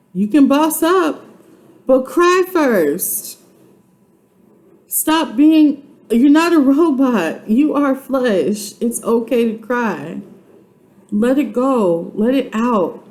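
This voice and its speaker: A woman's voice: fairly high pitch, rough recording. A woman in her twenties giving an earnest, faith-based motivational vlog, urging and repeating herself like a preacher. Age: 20s. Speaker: YouTube vlogger.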